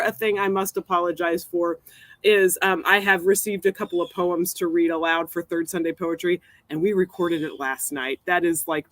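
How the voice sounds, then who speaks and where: A woman's voice: fairly low pitch, a bit bright, dry recording, poor audio. Chatty, rambling woman poet. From Missouri. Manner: rambling, chatty, laughs often. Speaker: poet hosting a live stream. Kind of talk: casual live-stream chat with poetry reading.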